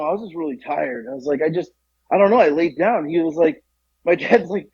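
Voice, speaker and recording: Young male podcast co-host, husky, animated storyteller who acts out the voices. Dull, dry lo-fi sound. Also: brisk, no room sound. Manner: animated, acts out quotes with jumps in pitch. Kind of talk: casual storytelling.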